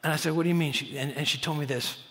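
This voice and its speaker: A middle-aged male pastor delivers a sermon from a church stage, his slightly high voice carried by a long reverberating hall. He tells stories, sinks to a near-whisper for prayers, and climbs to loud emphasis when he presses a point. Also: steady tone, rapid-fire. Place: church auditorium.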